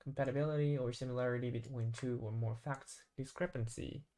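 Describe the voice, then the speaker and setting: A man practicing vocabulary on his own, thinking aloud in a hesitant, halting way and correcting himself as he goes. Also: mid-range voice, fairly even intonation, mellow. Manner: hesitant, halting, constantly restarting and self-correcting. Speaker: English learner.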